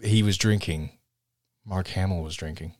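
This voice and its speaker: A man's voice: deep voice, moderate pace. A man co-hosting a podcast in casual chat, teasing his co-hosts. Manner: teasing and lively. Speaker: podcast co-host.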